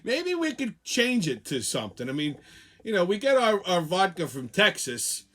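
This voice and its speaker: A man's voice: high-pitched, wildly swooping pitch, moderate pace, a bit bright, a little hiss or hum. A middle-aged man hosting a comedic news rant, profane and sarcastic, laughing at his own jokes. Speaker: host.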